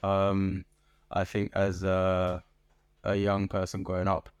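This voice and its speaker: A middle-aged man with a London accent, a guest in an interview, speaking in a thoughtful, measured way with frequent pauses. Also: deep voice, completely flat delivery, clear, resonant tone, no room sound. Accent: London English. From England. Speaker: guest, organization founder. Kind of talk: conversational interview. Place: podcast booth.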